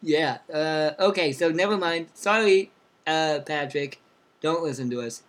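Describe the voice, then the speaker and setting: A young man co-hosting a casual podcast, upbeat as he reads out listener cities and gives shout-outs. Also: on the high side, measured pace. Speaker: podcast co-host. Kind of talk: casual chat.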